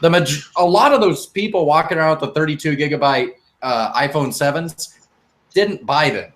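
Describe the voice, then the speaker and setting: A man's voice: on the high side, moderate pace, fairly bright tone. A man hosting a tech podcast in casual chat, rambling through explanations and cracking jokes. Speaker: podcast host.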